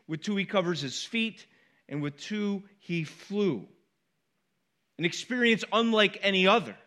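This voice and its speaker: A man's voice: high voice, sharp tone. A middle-aged man preaching a sermon, emphatic and conversational, repeating key words with rising force and checking in with his listeners. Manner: conversational asides to the congregation. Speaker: pastor.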